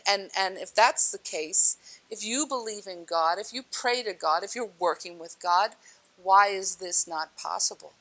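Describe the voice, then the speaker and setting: A woman's voice: mid-range voice, a bit bright. A woman giving a casual spiritual talk, blunt and direct, swearing offhandedly and asking her listeners questions. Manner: chatty, asks the listener questions. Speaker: spiritual speaker.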